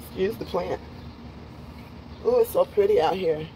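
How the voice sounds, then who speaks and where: A woman vlogging casually from her patio and home, chatty and quick to laugh at her own jokes, her voice slightly rough. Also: fairly low pitch, background noise. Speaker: lifestyle vlogger. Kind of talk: casual vlog chat to viewers. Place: home patio then indoors.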